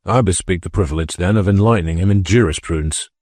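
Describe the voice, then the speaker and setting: Man voicing a soft-spoken revolutionary with a lowered voice. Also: fast, dry recording, clean studio sound. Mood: eager. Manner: low, quiet, soft-spoken. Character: gentle, polite male revolutionary with foreign accent.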